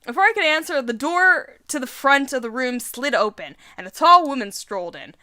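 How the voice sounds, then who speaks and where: Young female let's-player, chatty reader, bright and a touch high. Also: expressive, moderate pace, few pauses, no room sound. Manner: giggly, chatty asides. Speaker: let's play host. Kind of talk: reading a visual novel aloud with commentary.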